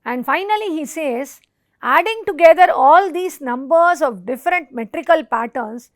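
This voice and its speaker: A woman lecturer giving an educational talk, reciting Sanskrit verses and technical terms in a slow, deliberate way. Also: sits high, expressive, no room sound, studio quality. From India.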